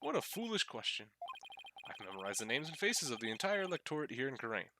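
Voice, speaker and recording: A man's voice: medium pitch, very animated, fast, background noise. A man voicing a pompous, self-important young male politician in a grandiose, theatrical way. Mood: haughty. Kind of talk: reading game dialogue aloud in voices. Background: game music.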